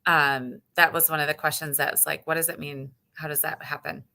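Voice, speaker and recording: A woman's voice: sits low, level tone, a little fast, creaky, pushed and bright. A woman co-hosting a health talk show, chiming in with short supportive remarks and reading out questions from listeners in a casual way. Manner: brief supportive interjections and relayed listener questions. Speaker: co-host. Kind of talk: casual chat.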